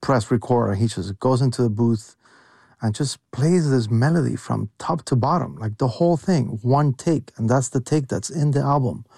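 A man's voice: medium pitch, normal speed, creaky, warm tone, husky, no room sound. A young male music producer speaking as a guest on a radio interview, enthusiastic and full of "like" fillers.

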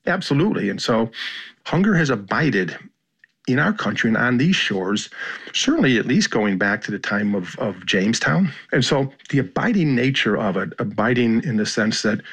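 A husky-voiced man with an American accent, a journalist talking in an interview. He speaks reflectively, pausing often and circling back to rephrase his thoughts. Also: mid-range voice, sing-song, a bit bright. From United States. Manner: thoughtful, with frequent pauses and restarts. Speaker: journalist, foreign correspondent.

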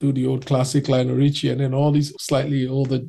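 A young man, a singer, telling his story in an interview with animated delivery, putting on voices for the people he quotes. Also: mid-range voice, a little fast, creaky.

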